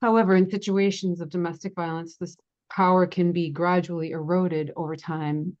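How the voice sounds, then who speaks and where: A woman's voice: on the low side, fairly even intonation, normal speed, darkish tone, highs cut off. A woman health coach giving a gracious, composed prepared talk on a conference panel.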